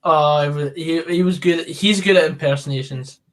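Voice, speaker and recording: A man co-hosting a casual football chat, relaxed and amused. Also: a little high, normal speed.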